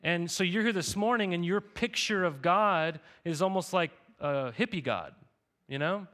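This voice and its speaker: A young man preaching a sermon in a loose, chatty way, as though talking with friends. His voice sits a little high for a man. He keeps tagging his sentences with "right?" and "okay?". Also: lively intonation, normal speed, fairly bright tone. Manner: casual, conversational preaching with frequent "right?" and "okay?". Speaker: pastor.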